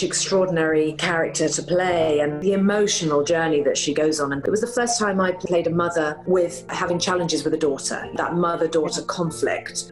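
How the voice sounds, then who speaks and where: A woman with a low voice shares candid stories from her acting career, laughing softly now and then. The sound is roomy, with faint music underneath. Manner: warm, candid storytelling with soft laughs. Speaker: actress interviewed about her career. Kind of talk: casual interview recollection.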